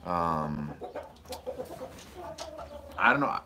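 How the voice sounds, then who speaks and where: A man's voice: lowish voice, expressive, moderate pace, pauses often, fairly bright tone, a little hiss or hum. A man from Michigan hosting a casual live stream, rambling goofily as he answers viewer comments outdoors on his homestead. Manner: goofy, rambling, reads viewer comments aloud. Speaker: homesteading channel host. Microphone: wireless lapel mic.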